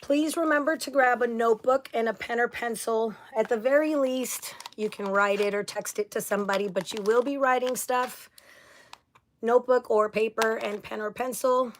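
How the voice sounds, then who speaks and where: A bubbly woman hosts a casual livestream, greeting viewers by name in an upbeat, gushing way. Her voice sits a touch high for a woman. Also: steady tone, moderate pace, a little hiss or hum. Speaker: livestream host.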